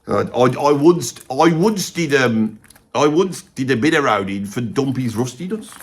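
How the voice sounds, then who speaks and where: A man's voice: medium pitch, animated, normal speed, breathy edge. A man playing a rambling, gossipy middle-aged Birmingham bloke and ex-roadie, with a Birmingham accent, swearing mildly and wandering off topic. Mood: rambling grumbling. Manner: rambling, peppered with "bloody", chummy asides. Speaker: comedy character ranking bands. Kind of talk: rambling comic monologue to camera.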